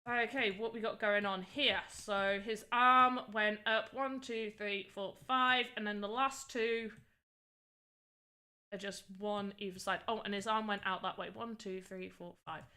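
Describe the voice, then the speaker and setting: While working on voxel art during a livestream, a young female streamer rambles and chats, dropping "like" constantly. Her medium-pitched voice stays steady and sharp, and she keeps a measured pace.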